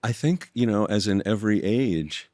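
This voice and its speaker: Older man, very low voice, gentle and reflective, dry studio sound. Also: lively intonation, no echo. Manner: gentle, thoughtful, halting with restarts. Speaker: guest author. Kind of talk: reflective storytelling conversation.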